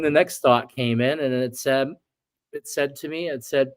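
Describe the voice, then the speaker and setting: A man's voice: mid-range voice, fairly even intonation, normal speed. A man in his forties, a shaman guest on an interview show, telling a personal story earnestly and acting out his past outbursts.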